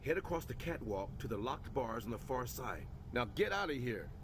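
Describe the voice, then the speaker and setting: A brisk cop on the radio. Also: male voice, mid-range voice, sing-song. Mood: businesslike. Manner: brisk, practical instructions. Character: adult male cop guiding over radio. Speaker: game character. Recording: game audio with clear background noise.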